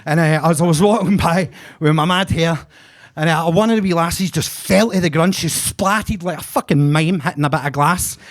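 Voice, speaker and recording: A flamboyant Glaswegian man in his forties works a comedy club crowd with a high, camp voice. He swears freely and plays up his own manner for laughs, talking into a handheld mic on a basement stage. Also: normal speed. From Glasgow, Scotland. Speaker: stand-up comedian. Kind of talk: stand-up set.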